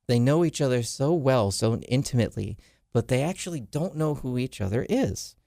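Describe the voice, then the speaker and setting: A man's voice: mid-range voice, lively intonation, moderate pace, vocal fry, mellow, dry recording, clean studio sound. A man hosting a podcast, casually retelling a comic storyline with lots of "uh" fillers. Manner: rambling retelling with frequent "uh" fillers. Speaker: podcast host.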